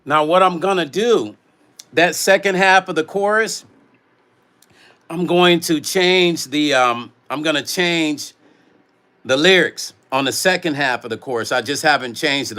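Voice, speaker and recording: A man's voice: fairly high pitch, a little slow, pushed and bright. A man who produces music hosts a casual livestream from his studio. He chats loosely and reads out viewer comments. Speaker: music producer and vlog host.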